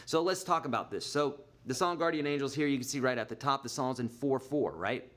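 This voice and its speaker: Casting: middle-aged male guitar teacher, mid-pitched voice, chatty, explains patiently with homely examples. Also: brisk, a bit bright. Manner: chatty, explains with everyday examples, counts beats aloud. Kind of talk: live online guitar lesson. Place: Nashville.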